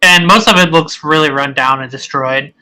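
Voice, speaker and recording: A man's voice: fairly high pitch, moderate pace, pushed and bright, rough recording. A man narrating a tabletop game as game master, rambling and searching for words as he describes scenes.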